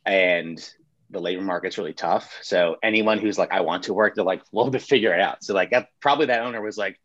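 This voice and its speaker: Deep-voiced laid-back man. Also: quick pace, no room sound, muffled recording. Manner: laid-back, swears freely, acts out quotes. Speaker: pizzeria owner. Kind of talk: casual storytelling chat.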